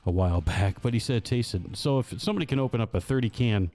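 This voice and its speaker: A man's voice: fairly low pitch, quick pace, a little mellow. A man co-hosting a podcast, telling a rambling story in a loose, casual way with lots of fillers and teasing laughs. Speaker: podcast co-host. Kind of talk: casual chat.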